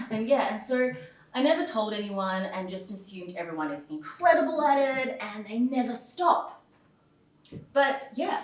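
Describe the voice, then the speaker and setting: A woman's voice: medium pitch, lightly acted. A woman playing a frank, swearing young confessor on stage. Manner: frank, swearing, self-mocking humour. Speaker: actor in a verbatim stage play. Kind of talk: theatrical confessional monologue. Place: theatre stage. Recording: roomy stage sound from far off.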